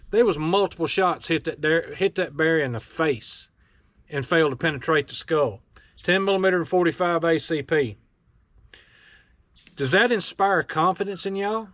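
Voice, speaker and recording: Guy, high voice, folksy and mocking, lecturing his viewers on a vlog. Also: fairly bright tone, dry recording. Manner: blunt, scolding, folksy, with mocking asides. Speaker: firearms vlogger. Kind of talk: opinionated rant to camera.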